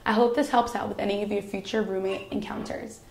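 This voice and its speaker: Animated young woman student vlogger. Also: mid-range voice, brisk. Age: young adult. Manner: animated, acts out quotes in character voices. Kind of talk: casual comedic vlog. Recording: roomy echo.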